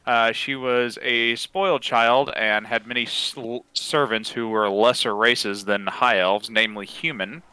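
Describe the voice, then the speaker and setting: A man's voice: mid-range voice, fairly even intonation, unhurried, few pauses, bright, forceful tone, smooth, dry recording, poor audio. A man casually introducing his tabletop character, laid-back and laughing often. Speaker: player.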